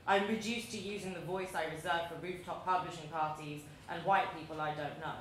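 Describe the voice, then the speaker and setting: A London woman in her thirties, with a London accent and a lowish, fairly even voice, reads her own essay to an audience, measured, deliberate and wry. It is a live reading in a large museum event space, and the recording is very echoey with faint background noise.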